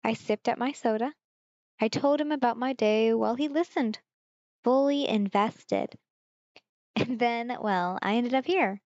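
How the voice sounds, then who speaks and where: A woman's voice: fairly high pitch, unhurried, a little mellow, dry recording, muffled recording. Chatty woman streamer reading a game aloud. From Germany. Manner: chatty, asides to viewers. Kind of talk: reading a visual novel aloud with live commentary.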